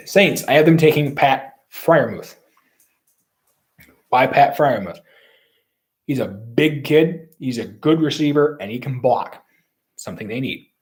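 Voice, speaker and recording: A man's voice: medium pitch, expressive, a little slow, long pauses. A man giving solo football draft commentary in an opinionated, rambling and emphatic way. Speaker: sports commentator.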